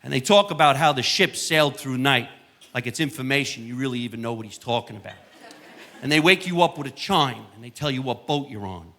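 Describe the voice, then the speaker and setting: A man's voice: mid-range voice, brisk, sharp tone. An older man with a New Jersey accent doing brash, crude live stand-up comedy on a stage mic. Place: high school auditorium stage. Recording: live audience laughter, noisy hall.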